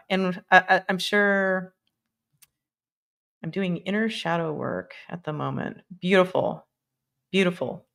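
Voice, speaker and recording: A woman chatting on her own live stream through a computer mic. Her voice sits a little low with a gravelly edge. She wanders from topic to topic, laughs easily and swears without a second thought. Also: a bit bright. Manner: rambling and laughing, with frequent swearing. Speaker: livestream host. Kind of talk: casual live-stream chat.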